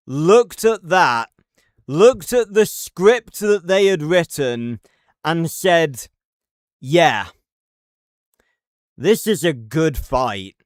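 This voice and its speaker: Male streamer, unhurried rambling rant, dry close sound. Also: high voice, clean tone, no echo. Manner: rambling, profane, many fillers and restarts. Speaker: livestreamer. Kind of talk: casual live-stream commentary.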